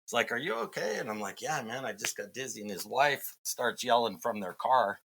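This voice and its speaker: A man's voice: mid-range voice, normal speed, fairly bright tone, slight background noise. A middle-aged man from Massachusetts, a podcast guest, telling a long story in a rambling way with many fillers and restarts. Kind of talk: casual storytelling.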